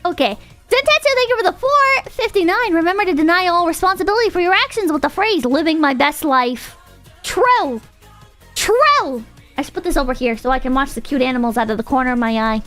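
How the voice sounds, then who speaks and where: A woman's voice: very high voice, fairly bright tone. A young woman streamer chatting casually, rambling and swearing as she rants and thanks donors. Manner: rambling, profane, ranting. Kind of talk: casual livestream chat.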